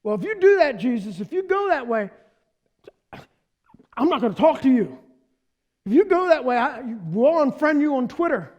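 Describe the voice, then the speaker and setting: A man acting out a pouting, petulant follower who threatens to walk away, complaining loudly within a sermon. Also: extremely high pitch, sing-song, normal speed, long pauses, voice pushed up, heavily acted. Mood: pouty.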